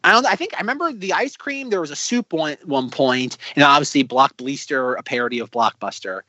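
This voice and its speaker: Guy on a podcast, super lively voice, lots of likes and ums, dry close sound. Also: a little high, brisk, no echo, lo-fi sound. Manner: animated, acts out quotes, many fillers. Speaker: podcast co-host. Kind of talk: casual chat reviewing a sketch comedy show.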